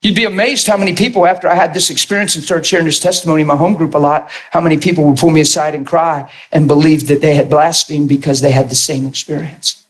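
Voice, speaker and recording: A man preaching a sermon and telling his testimony in an animated storytelling manner, bursting into shouts at times. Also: fairly high pitch, quick pace.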